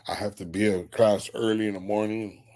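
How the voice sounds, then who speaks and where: A young man hosting a late-night live stream, worn out and ready for bed. His voice sits a little low as he trades crude, mocking jokes and reads out comments from his viewers. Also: fairly even intonation, a little fast, dark tone. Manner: crude, mocking trash talk, often laughing. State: tired. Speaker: livestream host. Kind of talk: casual livestream chat.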